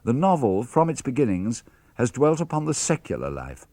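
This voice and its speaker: An older man with a British accent reading a father's letters aloud for radio, measured and expressive. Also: medium pitch, no room sound. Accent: British English. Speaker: reader of letters.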